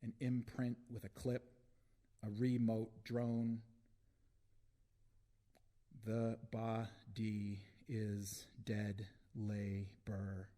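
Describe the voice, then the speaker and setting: A man giving a live reading of his own poetry at a book launch, slow and deliberate with long pauses between phrases. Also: on the low side, monotone, dark tone. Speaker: poet reading his work.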